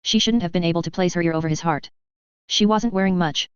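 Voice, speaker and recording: Brisk, crisp woman narrator. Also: lowish voice, no echo, dull audio. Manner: brisk, steady reading. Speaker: audiobook narrator. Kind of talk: scripted narration.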